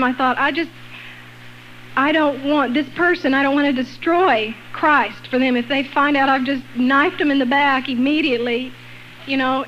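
A woman telling a personal faith testimony in a lively way, acting out the voices she quotes. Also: high-pitched, muffled recording, a little hiss or hum. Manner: lively, acts out quoted voices, laughs between lines. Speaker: guest sharing a personal testimony. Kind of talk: animated storytelling testimony.

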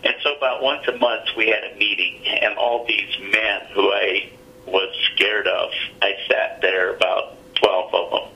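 A man's voice: fairly low pitch, steady tone, measured pace, dull audio. A middle-aged man, an interview guest, telling a personal story in an earnest, plainspoken way.

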